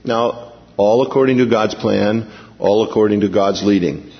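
A man preaching a sermon in a lively storytelling manner, often acting out the panicked cries of the people in the story. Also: fairly low pitch, moderate pace, in a large hall, muffled recording. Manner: animated, acts out frightened voices of the people in the story. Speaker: pastor.

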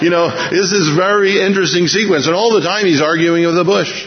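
Folksy preacher on lo-fi radio. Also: male voice, a little high, fairly quick, hardly any pauses, slight background noise. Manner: folksy, chuckling, animated retelling. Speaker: pastor. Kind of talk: verse-by-verse sermon. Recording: lo-fi radio broadcast with long reverb.

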